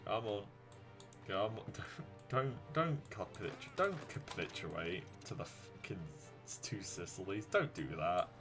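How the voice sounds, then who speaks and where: A man's voice: lowish voice, a little slow, music in the background. A man commentating a strategy game as he plays, muttering to himself, then suddenly pleading and swearing at the screen. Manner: swings from mumbled muttering to loud pleading outbursts, swearing. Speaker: gaming YouTuber. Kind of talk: live gameplay commentary.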